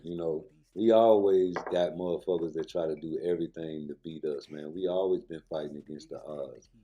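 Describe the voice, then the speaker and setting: A man's voice: extremely low pitch, fairly even intonation, normal speed, breathy edge, lo-fi sound. A man ranting in slangy commentary on his vlog, tagging "man" onto nearly every phrase. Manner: heated slangy rant, ends phrases with "man". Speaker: vlogger and personal trainer.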